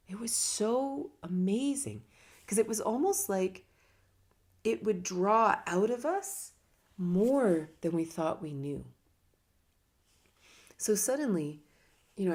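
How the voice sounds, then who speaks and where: A woman's voice: on the low side, a little mellow. A woman yoga and meditation teacher talking casually about teaching, her voice swooping up and down as she talks with her hands. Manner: laughs now and then. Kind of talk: casual reflective talk.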